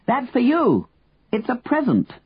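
A man doing a shouting, carefree rich man. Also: high voice, wildly swooping pitch, fast, husky, highs cut off, pitched above the performer's own voice, exaggerated voice. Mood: excited calling. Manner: shouting from a balcony. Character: cheerful rich man giving away money.

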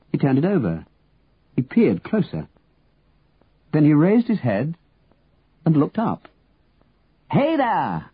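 A man's voice: mid-range voice, husky, no echo. Man reading a story on a tinny line. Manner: expressive, lively storytelling. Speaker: narrator.

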